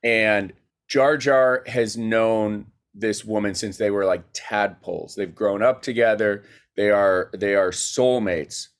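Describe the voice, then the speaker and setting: A man, a guest filmmaker, telling a story in a casual podcast chat, animated and rapid with many fillers. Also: on the low side.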